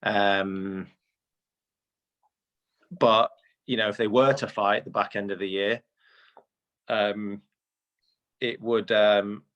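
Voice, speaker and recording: A British man co-hosting a casual podcast chat, talking in quick bursts with stammering repeats. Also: fairly low pitch, fairly even intonation, a bit bright, highs cut off. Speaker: podcast co-host.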